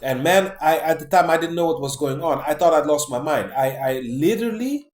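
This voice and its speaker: A male vlogger with a fairly high, animated voice talks a little fast in a roomy-sounding space. His casual monologue to camera rambles, packed with fillers, restarts, and repeated "man" and "guys."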